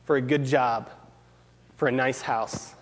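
A man's voice: mid-range voice, fairly even intonation, unhurried. A man preaching a sermon to a gathered group, earnest, repeating key phrases for emphasis. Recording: long hall reverb.

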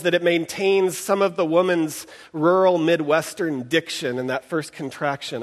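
A man giving a sermon in an animated, conversational way, often putting rhetorical questions to his congregation. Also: a little high, moderate pace, hardly any pauses, long reverb tail. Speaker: preacher.

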